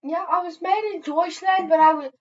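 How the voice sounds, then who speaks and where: A woman's voice: very high voice, moderate pace, muffled recording. A woman voicing a meek young German-British chimney-sweep boy who stammers and hesitates.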